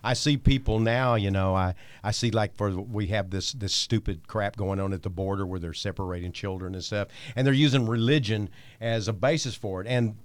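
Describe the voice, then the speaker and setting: Older male writer, low and plain, dry studio sound, says it straight. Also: moderate pace, few pauses, clean tone, no echo. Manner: plainspoken, blunt. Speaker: author guest. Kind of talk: casual talk-show chat. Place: radio studio.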